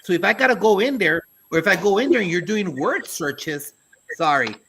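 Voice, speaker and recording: A man's voice: sits high, animated, moderate pace, a bit bright, husky. A man co-hosting an education talk show, speaking emphatically and dropping folksy sayings. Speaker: podcast co-host, school administrator. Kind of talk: casual conversational talk.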